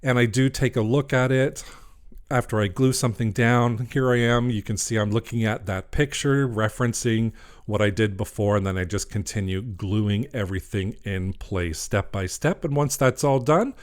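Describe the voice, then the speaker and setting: A man's voice: lowish voice, moderate pace. Chatty man narrating a craft vlog. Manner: chatty, laughs at his own slip-ups. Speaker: wreath-making vlogger. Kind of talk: casual craft tutorial voice-over.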